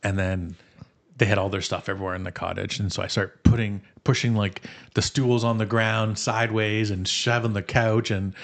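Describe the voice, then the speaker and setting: A man co-hosting a podcast, telling a prank story to friends in a casual, animated way. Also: lowish voice, normal speed. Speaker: podcast co-host.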